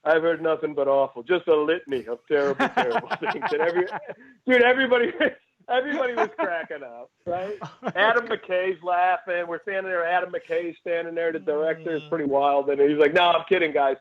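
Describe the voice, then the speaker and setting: A man's voice: on the high side, brisk, a crowd in the background. Man telling stories over a tinny line. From Cleveland, Ohio, USA. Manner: rambling anecdotes with frequent laughs and restarts. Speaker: comedian guest. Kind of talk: casual storytelling interview.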